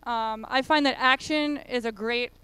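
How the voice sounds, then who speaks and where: Woman, conference speaker, high voice, chatty with lots of "like"s, very clear sound. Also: unhurried, pushed and bright, dry recording. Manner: chatty, many fillers and "like"s. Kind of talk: casual conference talk. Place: conference room.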